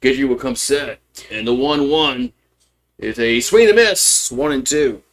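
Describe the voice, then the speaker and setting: A man calling a live baseball game as a fan streamer, openly rooting for his team, chatty and loose, with rambling asides between pitches. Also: expressive, measured pace. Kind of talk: live baseball play-by-play commentary.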